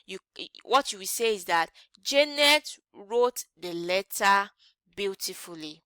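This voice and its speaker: A woman teaching an English grammar lesson, posing "what?" questions to the class and answering them herself, and repeating example sentences slowly. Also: medium pitch, expressive, sharp tone, smooth, dry recording.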